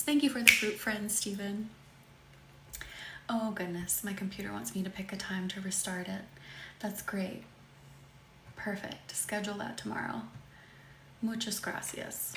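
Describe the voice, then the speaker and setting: A woman in her thirties hosting a live-streamed healing session, leading affirmations and stopping often to greet viewers in the chat. Her manner is gentle and chatty. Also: mid-range voice, steady tone, measured pace, long pauses, very noisy. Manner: gentle, chatty, often breaking off to read comments. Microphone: computer mic on a live stream. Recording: echoey room with faint music.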